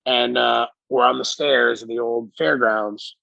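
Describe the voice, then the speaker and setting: Middle-aged man, gravelly, husky, animated profane storyteller, dull dry lo-fi audio. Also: mid-range voice, unhurried, no echo. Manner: animated, profane, acts out quotes. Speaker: guest. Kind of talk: casual storytelling. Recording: dull lo-fi recording.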